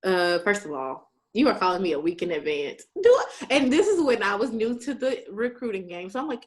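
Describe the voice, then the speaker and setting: Animated young woman telling stories. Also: a little high, normal speed, hardly any pauses. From Shreveport, Louisiana, USA. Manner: animated, plays out conversations in quoted voices. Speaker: guest. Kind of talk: casual storytelling chat.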